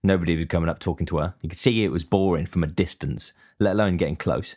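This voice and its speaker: A young man telling a rambling, sweary story in a casual, deadpan complaining way. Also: low-pitched, fast.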